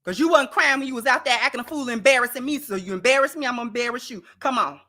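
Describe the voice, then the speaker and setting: A woman putting on the voice of a strict mother, scolding her child in stern, rapid-fire commands. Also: a little high, pushed and bright, voice pushed down.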